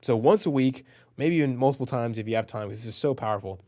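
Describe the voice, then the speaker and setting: A man's voice: medium pitch, quick pace, dark tone. A young man in his twenties teaching an online copywriting course in an earnest, motivational way, with many fillers. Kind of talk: casual teaching to camera.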